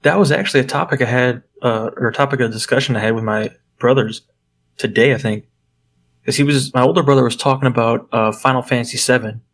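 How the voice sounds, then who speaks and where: Swearing freely, a young man spins an animated story while co-hosting a podcast. It's a relaxed conversation, delivered in a medium-pitched voice.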